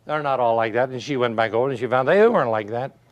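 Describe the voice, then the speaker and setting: An older man giving a motivational talk, telling folksy stories and asking rhetorical questions, swinging from loud to hushed. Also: mid-range voice, quick pace, highs cut off. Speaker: motivational speaker. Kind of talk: motivational speech.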